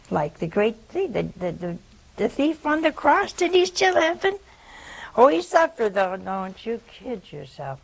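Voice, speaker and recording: A woman's voice: a little high, creaky, husky, poor audio. A woman preaching a sermon, telling a story in a folksy way with asides to her viewers.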